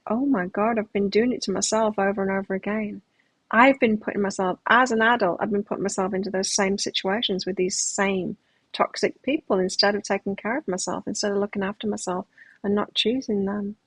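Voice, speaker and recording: A middle-aged woman with a husky, mid-range voice gives a live tarot reading, speaking in a reflective, self-help way and often restarting her sentences. The recording is dry and rough.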